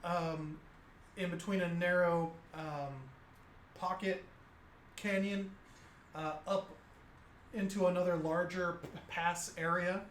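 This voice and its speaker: A man runs a tabletop game as dungeon master. He narrates haltingly with many fillers. The room is echoey, with a faint hiss underneath. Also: sits high, fairly even intonation, fairly bright tone.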